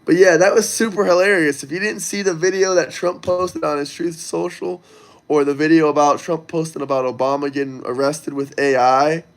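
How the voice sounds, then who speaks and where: A man's voice: on the high side, fairly even intonation, normal speed. A man hosting a casual livestream, talking loosely and crudely straight to his viewers as he reads the chat. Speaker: livestream host reading chat.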